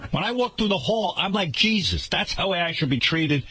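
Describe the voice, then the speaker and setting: Indignant radio host ranting sarcastically. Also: male voice, animated, normal speed, sharp tone, slightly rough, no echo. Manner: indignant, sarcastic, swinging pitch. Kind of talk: ranting talk radio monologue. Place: radio studio.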